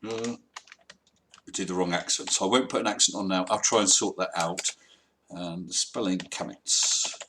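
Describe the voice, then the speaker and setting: A man's voice: deep voice, moderate pace, background noise. A man hosting a live stream, chatting casually and wryly reading out viewer comments. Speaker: livestream host.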